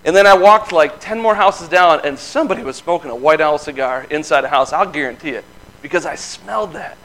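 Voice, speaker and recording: A man's voice: on the high side, brisk, fairly bright tone, rough recording. Earnest man telling a folksy testimony. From Michigan. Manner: folksy, earnest storytelling with laughs. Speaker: lay speaker giving testimony. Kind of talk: informal sermon testimony.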